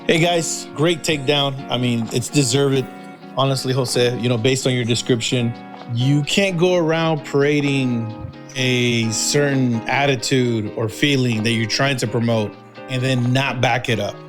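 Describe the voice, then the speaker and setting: A man's voice: mid-range voice, measured pace, over music. A man joining a podcast as a caller, giving his views in an earnest, opinionated way. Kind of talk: casual podcast chat.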